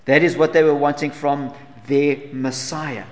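A man preaching a sermon earnestly, asking rhetorical questions and dropping to soft asides. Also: a little high, little pitch movement, a little slow, big-room sound. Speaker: pastor.

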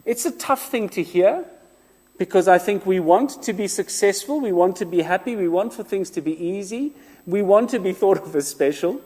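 A man's voice: sits high, moderate pace, slightly rough. Preacher man in a reverberant hall. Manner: expressive, rhetorical repetition, self-deprecating humor. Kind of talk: sermon. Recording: long reverb of a large room.

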